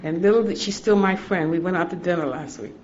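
Woman, personal testimony, halting heartfelt delivery, dull lo-fi recording, faint hiss. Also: fairly low pitch. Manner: halting, heartfelt storytelling with restarts and soft laughs. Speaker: speaker sharing her recovery story.

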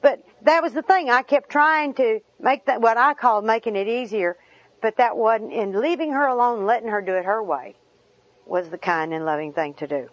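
A woman from Arkansas shares her own story with a group in a folksy, self-deprecating way, with a dry sense of humor. Her voice sits a little high, and the recording is dull and lo-fi with a close, dry sound. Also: moderate pace, no echo. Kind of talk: personal testimony talk.

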